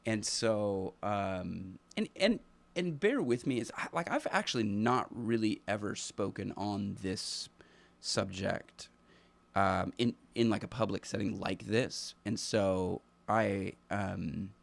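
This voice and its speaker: Low gravelly man thinking aloud. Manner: halting, thinking aloud with many restarts and fillers; earnest, reflective. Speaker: live stream host; teacher. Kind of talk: unscripted live stream commentary.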